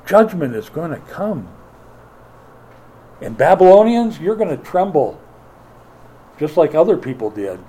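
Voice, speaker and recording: A middle-aged man preaching a sermon as pastor, lively and playful, acting out taunts and quoted voices. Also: mid-range voice, slight background noise, low-quality recording.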